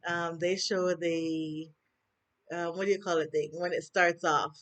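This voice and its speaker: Woman, Jamaican accent, casual TV review vlog, animated, rhetorical questions, handheld phone. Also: fairly low pitch, a little slow. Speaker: TV review vlogger. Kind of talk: casual chat.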